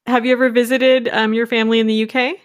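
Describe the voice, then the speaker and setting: A woman's voice: a little high, little pitch movement, fast, clean tone, no echo. Dry-sounding woman asking follow-up questions. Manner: inquisitive, asks follow-up questions. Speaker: podcast host. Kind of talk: interviewing.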